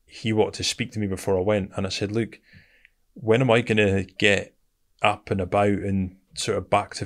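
Gravelly low-voiced British man telling his story. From Britain. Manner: blunt, conversational, keeps saying "mate". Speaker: guest, military veteran. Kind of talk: casual storytelling interview.

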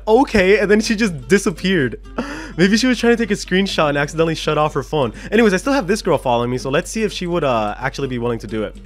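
A man hosting a gaming video, talking through his play in an excitable way, gasping and laughing often. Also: on the high side. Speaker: YouTube gaming host. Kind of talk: gameplay commentary.

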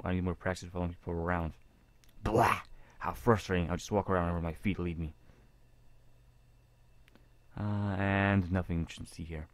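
A man reading a visual novel aloud in a casual, halting way with jokey asides. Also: low-pitched, no room sound. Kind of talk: casual game reading with commentary.

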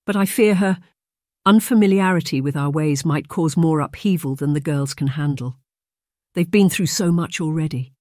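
A narrator voicing a worried, deferential household maid who speaks in a hushed, hesitant way. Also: female voice, deep voice, moderate pace, no room sound, studio quality, close to an everyday voice.

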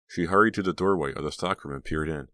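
A man narrating an audiobook in a steady, measured storytelling manner on a close mic. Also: a bass voice, no room sound. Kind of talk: scripted narration.

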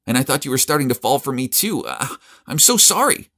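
A scheming, vengeful young woman from an animated story, a man putting on a raised, strained voice well above his own. She is spiteful and manipulative but quick to turn tearful. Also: mid-range voice, pitched above the performer's own voice, full character voice. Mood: pleading.

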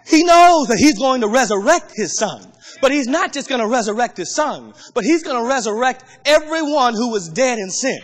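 A man preaching a sermon as pastor, impassioned and rising to shouts. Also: very high-pitched, big-room sound.

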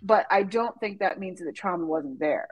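A woman on a discussion panel lays out her view step by step. She talks in a measured, reasoned way. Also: lowish voice, breathy edge, poor audio.

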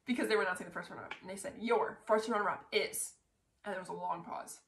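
A woman excitedly retelling her pageant win to camera, talking in a breathless rush full of "like" fillers. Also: mid-range voice, quick pace. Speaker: pageant titleholder. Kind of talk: casual storytelling to camera. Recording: roomy echo.

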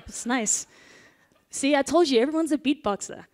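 A woman's voice: high-pitched, normal speed, darkish tone, slight background noise. A woman beatboxer leading a playful call-and-response demo before a conference audience, laughing often. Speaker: beatboxer performing on stage.

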